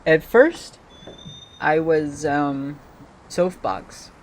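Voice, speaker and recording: A man streaming a video game, chatting casually and hesitantly with many pauses and fillers. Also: a little high, lively intonation, a little hiss or hum. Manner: rambling, hesitant, lots of ums. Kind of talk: casual gameplay commentary. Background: game music.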